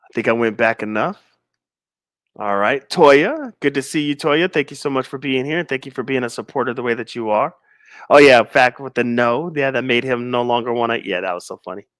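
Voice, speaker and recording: A man's voice: medium pitch, a bit bright, no room sound, studio quality. Man in his forties hosting a chatty livestream. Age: 40s. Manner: slow, emphatic stress on key lines; laid-back banter with viewers. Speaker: livestream host. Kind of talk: livestream talk, reading chat comments.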